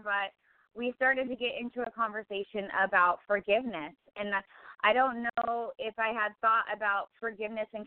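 A woman hosting a reflective spiritual talk show, thoughtful and pausing often. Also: fairly high pitch, no echo. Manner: thoughtful, many filler pauses. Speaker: podcast host. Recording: tinny phone-line sound.

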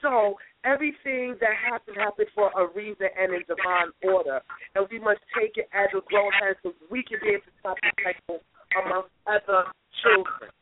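A woman's voice: mid-range voice, fairly quick. A woman calling in by phone to a radio chat, talking in a preachy way and repeating phrases for emphasis. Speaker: caller, guest's sister. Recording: phone line with hiss.

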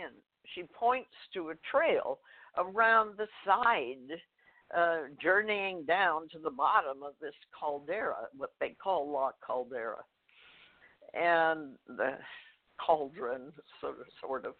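An older woman, a guest author, telling a personal story in a phone interview, halting, with fillers, restarts and soft laughs. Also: sits low, lively intonation. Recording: tinny phone line.

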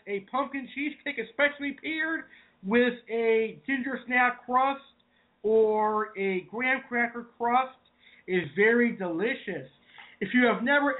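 A man from Massachusetts, hosting a casual online cooking show and chatting to viewers as "folks". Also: very high-pitched. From Massachusetts, New England. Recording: tinny phone-like audio.

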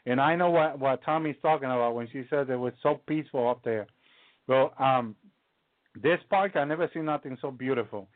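A man preaching a live testimony, halting and restarting often and peppering his talk with hallelujah. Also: mid-range voice, dry recording. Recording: tinny phone-line sound, dry.

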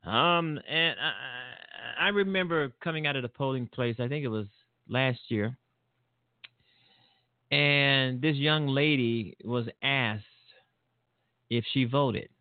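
A man's voice: medium pitch, takes it slowly, no room sound. A man hosting a talk show, giving a blunt, rambling political monologue full of fillers and repeats. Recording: tinny phone-like line.

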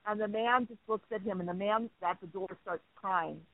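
A man hosting a talk radio show, telling a story with lively acted-out quotes. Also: high voice, moderate pace, no room sound. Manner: animated storyteller acting out quotes. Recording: dry tinny phone-like line.

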